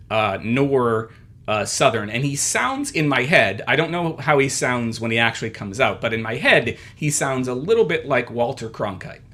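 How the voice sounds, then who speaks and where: A man with a bright, forceful voice chats casually on a podcast, excitedly recounting a story. He stumbles into restarts as his enthusiasm runs ahead of him. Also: mid-range voice. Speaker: podcast co-host. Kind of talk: casual chat.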